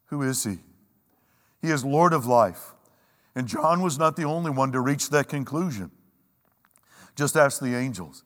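A man preaching a sermon, emphatic, with dramatic pauses and a slow, weighty delivery when he quotes scripture. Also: mid-range voice, animated. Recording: long reverb of a large hall.

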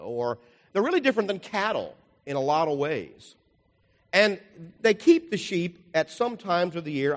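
An older man preaching a folksy, rambling sermon, explaining slides with jokes and asides. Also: medium pitch. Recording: long hall reverb.

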